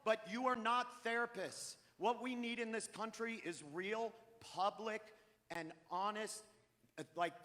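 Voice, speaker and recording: A stand-up comedian from New England, ranting loudly and profanely through a live set on a theater stage. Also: male voice, sits high. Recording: live theater with long reverb.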